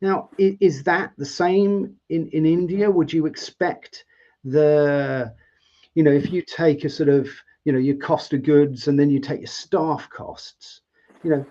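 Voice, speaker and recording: A man hosts a live interview, chatting through long, wandering questions. His voice sits a bit high for a man. The sound is dull and lo-fi, as over a video call. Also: fairly even intonation, a little slow, mellow. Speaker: host.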